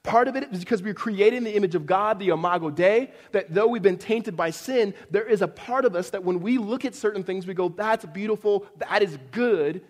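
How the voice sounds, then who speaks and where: A middle-aged male pastor with a slightly high voice preaches in a loose, chatty style, slipping in jokes and asking "right?" after his points. His voice rings out with a long reverb trail, as in a large church hall. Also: brisk, few pauses. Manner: conversational, jokey storytelling with many "right?" asides. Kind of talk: sermon.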